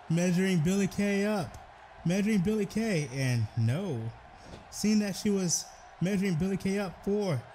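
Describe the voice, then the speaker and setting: A young man giving excitable play-by-play commentary over a wrestling video game, breaking into shouted exclamations. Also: on the high side, slight background noise.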